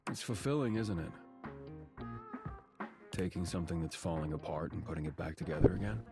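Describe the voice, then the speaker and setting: A gruff, guarded handyman in a video game, his voice very low and grounded. He speaks tersely and drily, giving little away. Music plays clearly underneath. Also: brisk, darkish tone. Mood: gruff, dry. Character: gruff adult male handyman, dry and guarded. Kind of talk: game voice acting.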